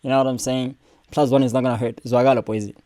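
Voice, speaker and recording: A young man with a mellow, relaxed voice. He hosts a casual reaction stream, swearing freely and joking as he answers the clips. The sound is dry and close. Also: medium pitch, quick pace, no echo. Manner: profane, joking, talks back at clips.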